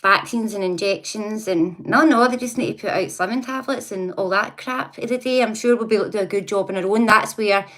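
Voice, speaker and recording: A woman's voice: medium pitch, brisk, few pauses, a bit bright. Chatty woman livestreaming. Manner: chatty, laughs often, talks back to viewers. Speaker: livestream host. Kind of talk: casual livestream chat.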